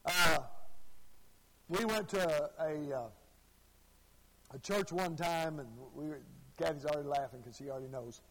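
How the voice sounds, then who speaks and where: Male preacher, high voice, folksy and repetitive, reverberant church hall. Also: a little slow, pauses often, a bit bright. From Arkansas. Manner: folksy storytelling, repeats phrases. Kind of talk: sermon.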